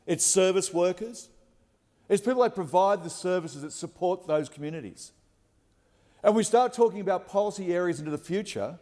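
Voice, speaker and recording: A man's voice: high-pitched, warm tone. An Australian man speaking as a senator in a parliamentary debate, combative and emphatic, ticking off a list of points. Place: Senate chamber. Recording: long reverb of a large chamber.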